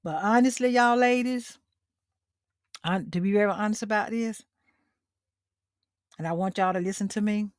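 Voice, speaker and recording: A woman's voice: medium pitch, moderate pace, long pauses, no room sound, clean studio sound. A middle-aged woman hosting a motivational livestream talk, speaking directly to her listeners and repeating her key lines for emphasis. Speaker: host.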